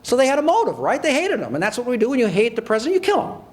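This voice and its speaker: The voice here is extremely high-pitched and a little mellow, with huge pitch swings and rapid-fire delivery. It belongs to an older American man, a former prosecutor, who addresses an audience sarcastically and emphatically, often repeating and restarting words.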